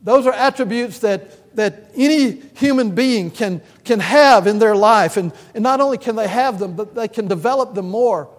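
High-voiced preacher man in a reverberant hall. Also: normal speed, few pauses. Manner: earnest preaching, rising to emphatic peaks, with frequent "uh" fillers. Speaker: pastor. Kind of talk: sermon.

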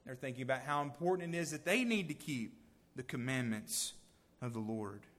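A man's voice: mid-range voice, moderate pace. Man preaching in an echoing church. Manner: dramatic swings from loud emphasis to hushed near-whispers. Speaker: lay preacher. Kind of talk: sermon.

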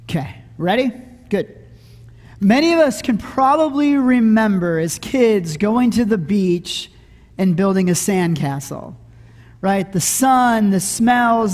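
Animated middle-aged preacher in an echoey hall. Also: male voice, high voice. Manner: animated, conversational, often asks "right?". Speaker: pastor. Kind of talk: sermon with humorous storytelling.

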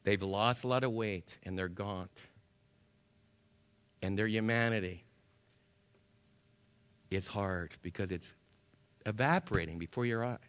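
A man's voice: on the low side, animated, normal speed, pauses often, fairly bright tone, in a large hall. A male pastor preaching a sermon, earnest, reading scripture aloud to his congregation. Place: church sanctuary.

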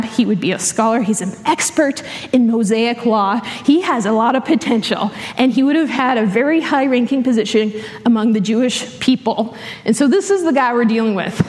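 A young adult woman preaching a sermon in a church, telling a personal story with laughs along the way. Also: on the high side. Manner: animated storytelling with frequent laughs. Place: church hall. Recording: long hall reverb.

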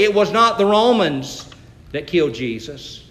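Bright-voiced preacher in an echoey hall. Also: male voice, on the high side, very animated, unhurried. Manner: storytelling, rising to emphatic scripture reading. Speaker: pastor. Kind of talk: sermon.

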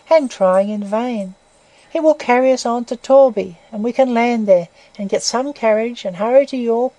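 A woman reading the part of an earnest young man who pleads with his love in a slow, deep tone. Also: warm tone, no echo, natural voice, rough recording. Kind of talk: audiobook reading.

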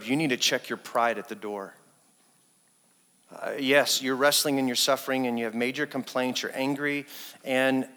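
A man preaching a sermon as associate pastor, animated and acting out quoted speech, with his voice ringing in a church hall. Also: mid-range voice. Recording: long reverb in a church hall.

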